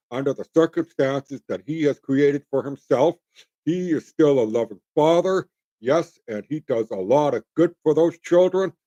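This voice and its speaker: A man's voice: on the high side, dark tone. A middle-aged man hosting a livestream, talking in a rambling, opinionated way and calling his listeners folks. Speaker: livestream host. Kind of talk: casual livestream monologue.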